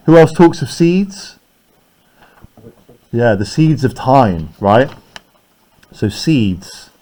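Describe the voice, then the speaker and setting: A male teacher walking a class through a play. He explains each line in an engaged, conversational way, checking in with "right?" again and again. His voice sits at a middle pitch. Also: big pitch swings, drawn-out words, dark tone.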